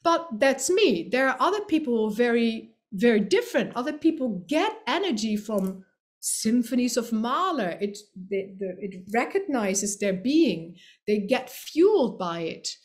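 A woman's voice: a little high, sing-song, unhurried. A woman who is a singer and voice teacher, giving a friendly, explanatory and lightly playful recorded presentation lesson.

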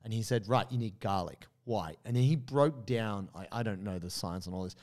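A man's voice: on the low side, fairly quick, a little mellow. A man, telling a story in casual podcast chat with many fillers and quoted asides. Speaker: podcast co-host.

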